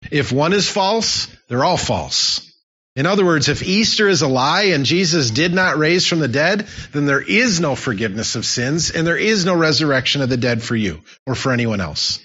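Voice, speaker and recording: A man's voice: fairly high pitch, expressive, moderate pace, sharp tone, husky. A man preaching a sermon as pastor, emphatic and repeating his key phrases for effect. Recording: dull lo-fi sound.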